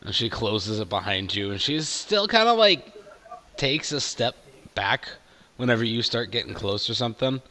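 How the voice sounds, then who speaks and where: A man running a tabletop game as game master, narrating with a halting, relaxed flow full of fillers. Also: medium pitch.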